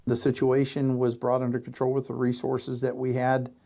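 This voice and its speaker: A man's voice: mid-range voice, monotone, normal speed, creaky, dark tone. A man, a fire chief, giving cautious interview answers with restarts.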